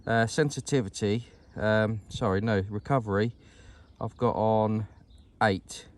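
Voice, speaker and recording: A man's voice: lowish voice, fairly even intonation, measured pace. A British man vlogging outdoors in a field as he goes metal detecting. He talks to his viewers in a chatty, upbeat way and calls them ladies and gents. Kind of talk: casual outdoor walk-and-talk vlog.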